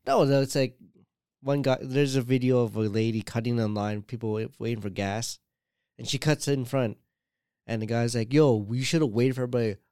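A man's voice: medium pitch, steady tone, moderate pace, darkish tone, clean tone, no echo, clean studio sound. A man in casual chat, telling stories in a rambling way full of "like" and quoted asides.

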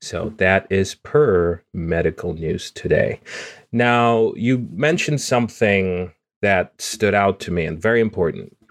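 Guy hosting a chill podcast, lowish voice, makes fun of himself a lot. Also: unhurried, dry recording, studio quality. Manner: joking, self-deprecating. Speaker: podcast host. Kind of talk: casual chat.

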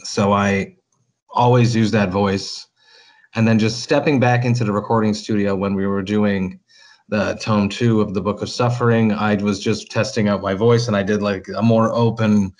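Low-voiced enthusiastic metal singer man. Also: level tone, normal speed. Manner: enthusiastic, rambling with restarts. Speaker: metal vocalist guest. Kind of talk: casual interview chat.

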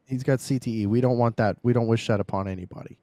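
A man's voice: medium pitch, quick pace, dry recording. A man co-hosting a podcast, talking casually and swearing a lot as he jokes and reads sponsor plugs. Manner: profane, joking, animated. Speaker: podcast co-host.

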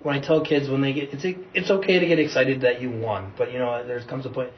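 A relaxed man explains things in a calm, measured way. He sounds set back from the microphone. The recording is muffled and carries a light hiss. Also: mid-range voice. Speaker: wrestling coach, guest. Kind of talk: casual podcast conversation. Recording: distant, dull, faint noise.

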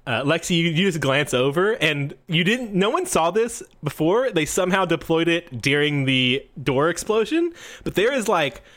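A man narrating as game master of a tabletop game, lively and filler-heavy, often laughing. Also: a little high, normal speed, few pauses.

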